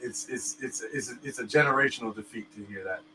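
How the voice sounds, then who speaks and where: A man's voice: mid-range voice, a little fast, a loud crowd, rough recording. A man co-hosting a casual podcast, reacting with sarcastic disbelief. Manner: sarcastic, incredulous. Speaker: podcast co-host. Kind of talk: casual chat.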